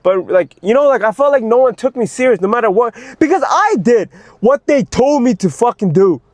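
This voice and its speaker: A young male fitness coach delivers an unscripted personal monologue in an extremely high, very animated voice, talking a little fast with no echo. He rants intensely, swears heavily, and repeats words as he gets worked up.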